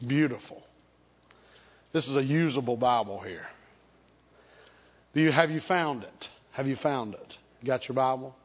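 A man preaching a sermon as pastor. He speaks slowly and emphatically, draws out key words, and leads the congregation in call and response. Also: mid-range voice, husky. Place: church sanctuary. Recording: dull sound with long hall reverb.

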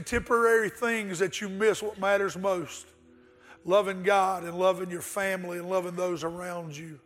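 A man's voice: sits high, steady tone, normal speed, a bit bright, faint music behind. A male pastor delivering an earnest sermon, with rhetorical questions and a told story.

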